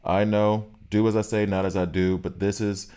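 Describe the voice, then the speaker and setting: Man, very low voice, casual game streamer, chatty, thinking aloud. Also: flat delivery, moderate pace, mellow, smooth. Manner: chatty, talks to chat viewers, thinks aloud. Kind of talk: casual live-stream commentary while playing.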